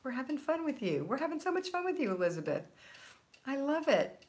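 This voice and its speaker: A woman's voice: high-pitched, very animated, brisk, a little mellow. Brief: woman host of a live chat, cheerful and encouraging, chatting straight to her viewers. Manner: upbeat, encouraging, reads comments aloud. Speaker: livestream host answering viewer comments. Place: home, Florida.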